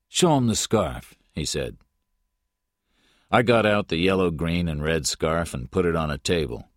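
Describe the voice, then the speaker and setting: A man narrating an audiobook in the first person, clipped and deliberate. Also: sits low, no room sound, clean studio sound.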